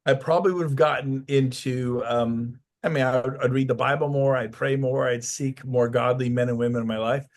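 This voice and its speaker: A man's voice: mid-range voice, fairly even intonation, normal speed, hardly any pauses. A middle-aged man, a real estate coach, telling a personal story in a casual interview and acting out the voices of the people in it.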